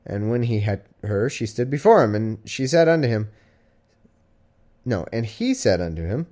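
A man's voice: mid-range voice, animated, moderate pace, warm tone. A man hosting a comedy podcast, reading archaic Bible verses aloud and breaking off into sarcastic, irreverent asides. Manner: reads archaic verse then riffs casually. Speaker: podcast host.

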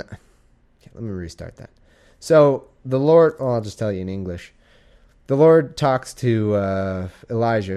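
In a warm room at home, a drowsy, sleepy man with a fairly low, darkish voice reads scripture aloud casually and irreverently. He keeps breaking off for joking asides and mock-dramatic quoted voices.

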